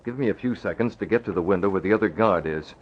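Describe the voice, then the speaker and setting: An actor playing a calm, commanding masked vigilante who gives quick, urgent instructions, in an old radio drama. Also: male voice, low-pitched, slight background noise, natural voice. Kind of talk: 1940s radio acting. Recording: dull lo-fi old radio recording.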